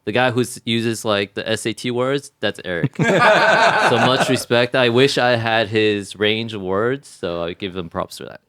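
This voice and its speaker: A man's voice: lowish voice, steady tone, normal speed, hardly any pauses, a bit bright, smooth. A man guest on a podcast, friendly and hesitant, often restarting his words. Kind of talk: casual chat. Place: podcast studio.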